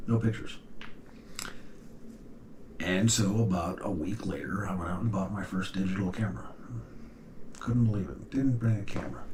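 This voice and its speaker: A middle-aged man with a low voice talks straight to his daughters in a heartfelt personal video message. He speaks earnestly and haltingly, often pausing and sighing. A faint hiss of noise runs underneath. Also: dark tone. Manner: earnest, halting, with long pauses and sighs. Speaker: father addressing his daughters.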